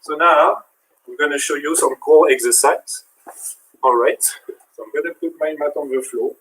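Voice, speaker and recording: French-accented guy counting reps during a home workout, kinda high voice, echoey room, mic far off. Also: normal speed, fairly bright tone, slight background noise. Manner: counts reps and coaches while exercising. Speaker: fitness instructor. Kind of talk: live workout demonstration.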